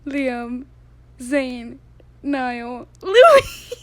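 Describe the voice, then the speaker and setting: A woman's voice: sits high, big pitch swings, extremely slow, dry recording. A young woman reading fan tweets aloud in a casual way, often breaking into laughter. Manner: giggly, keeps breaking into laughter.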